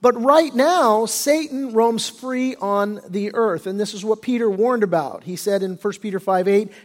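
A pastor with a high-sitting voice preaches a sermon at a measured pace, explaining things conversationally and often restarting his sentences. The recording carries the long reverb of a large hall.

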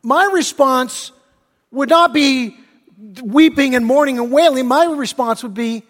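High-voiced pastor preaching in a reverberant hall. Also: male voice, unhurried, fairly bright tone. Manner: casual, slangy retelling of scripture. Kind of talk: sermon.

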